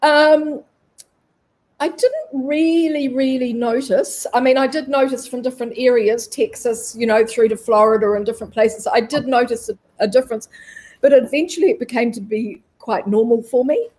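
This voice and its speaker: Nz lady guest on a talk show, bit high voice, rambly and friendly. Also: normal speed. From New Zealand. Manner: chatty, rambling, warm. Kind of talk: casual interview chat.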